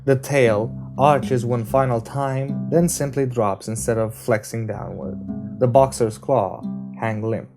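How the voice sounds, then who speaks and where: A man reading a novel aloud as an amateur audiobook, narrating in a steady, measured way. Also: medium pitch. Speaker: reader. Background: guitar music.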